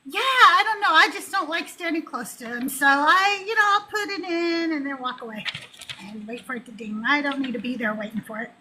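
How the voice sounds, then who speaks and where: A woman's voice: sits high, animated, fairly quick, noisy background. A woman hosting a call-in talk show, chatting casually and bluntly, laughing often. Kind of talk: casual chat.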